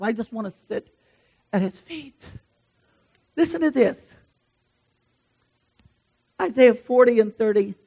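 A woman's voice: fairly high pitch, a bit bright. Earnest woman preaching a folksy sermon. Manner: earnest, encouraging, folksy, with asides to the congregation. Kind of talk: conversational sermon.

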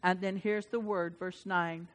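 A woman preacher giving a fervent sermon, calling out to the congregation and swinging from shouts to hushed asides. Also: on the low side, fairly even intonation, a little slow. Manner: addresses the congregation directly.

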